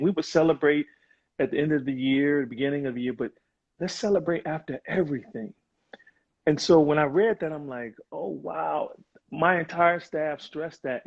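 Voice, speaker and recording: A man's voice: on the high side, slightly rough. Earnest man on a muffled call. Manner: earnest, reflective, with many fillers. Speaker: guest on a live video chat. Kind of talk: casual conversation. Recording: muffled, lo-fi video call audio.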